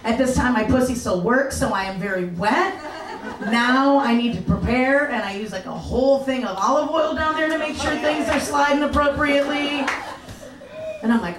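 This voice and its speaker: A woman's voice: high voice, moderate pace, crowd noise. Woman telling a crude story onstage. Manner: animated, crude and self-mocking, laughing through punchlines. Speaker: live storyteller. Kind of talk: live comedic storytelling. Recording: echoey live room, mic at a distance.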